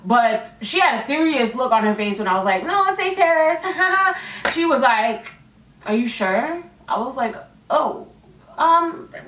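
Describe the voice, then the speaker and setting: A young woman telling a storytime to her viewers in a casual, animated way, acting out the people in it. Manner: animated, acts out voices with big pitch jumps. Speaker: beauty vlogger. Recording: echoey room, a bit far from mic.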